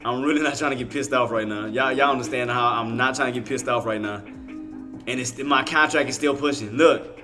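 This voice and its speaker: A man's voice: medium pitch, moderate pace, music in the background. A man giving live commentary on his trading, exasperated, swearing and talking straight to his chat viewers. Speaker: day trader streaming to viewers.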